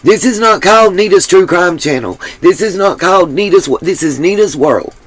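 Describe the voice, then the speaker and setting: A woman's voice: fairly low pitch, animated, normal speed. A woman hosting her own livestream, talking bluntly and emphatically and swearing freely. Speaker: livestream host. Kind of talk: livestream commentary.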